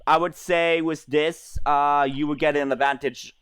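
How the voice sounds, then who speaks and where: A man's voice: fairly high pitch, flat delivery, measured pace, a bit bright, smooth, no room sound. Hesitant male game master, dry close sound. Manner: hesitant, full of fillers and restarts. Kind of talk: narrating a tabletop game.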